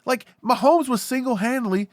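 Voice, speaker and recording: A man co-hosting a casual sports talk show, ranting with jokes and animated outbursts. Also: extremely high pitch, a little fast, no room sound, studio quality. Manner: animated, joking rants. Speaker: podcast co-host.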